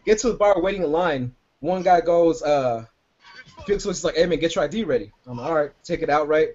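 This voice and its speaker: A man's voice: on the high side, animated, brisk, darkish tone, dull audio. A man co-hosting a podcast, telling a long rambling story full of profanity in casual chat. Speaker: podcast co-host.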